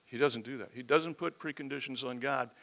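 Bright-voiced, emphatic male preacher. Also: mid-range voice, brisk, creaky. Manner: emphatic, conversational preaching with rhetorical questions and folksy asides. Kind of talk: expository sermon.

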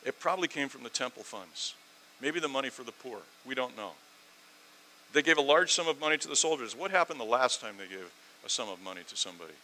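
Bright-voiced animated male preacher. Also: fast, slight background noise, poor audio. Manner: animated, swings from loud emphasis to low asides; sarcastic rhetorical questions. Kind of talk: sermon.

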